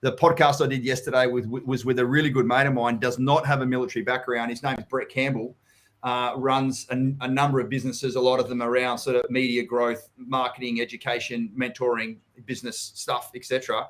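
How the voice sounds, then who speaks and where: A man's voice: medium pitch, little pitch movement, fairly quick, a bit bright. Blunt, swearing Australian man host. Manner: swears freely, blunt and chatty. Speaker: host, property coach. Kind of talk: casual live-stream chat.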